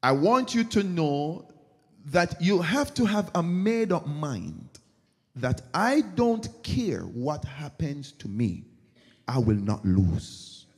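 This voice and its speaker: Animated pastor preaching in a reverberant church. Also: male voice, on the high side, slow, breathy edge. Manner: animated storytelling, acting out characters. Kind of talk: sermon. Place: church sanctuary.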